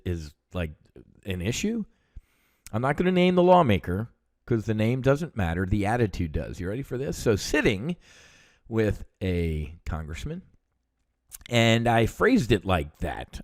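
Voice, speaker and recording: A man's voice: on the low side, big pitch swings, normal speed, a little mellow, no echo. Heated, profane man, dry close sound. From United States. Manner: heated, profane ranting with many fillers. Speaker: podcast host, veteran. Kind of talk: casual monologue, storytelling.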